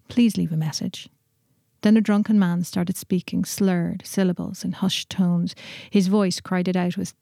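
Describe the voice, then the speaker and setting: A woman reading a literary short story aloud in a steady, measured way in a studio. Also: fairly low pitch, creaky, no echo.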